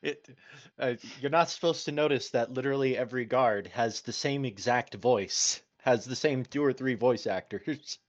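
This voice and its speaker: A man's voice: mid-range voice, moderate pace. Man, player, joking asides, muffled voice-chat sound. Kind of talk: casual chat.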